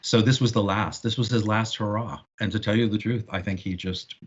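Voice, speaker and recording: A low-pitched man speaking as a guest expert on a podcast, telling stories with lively enthusiasm. His audio sounds dull and lo-fi, as if from a remote connection. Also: brisk, breathy edge. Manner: animated, knowledgeable storyteller. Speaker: guest film historian. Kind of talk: casual podcast discussion.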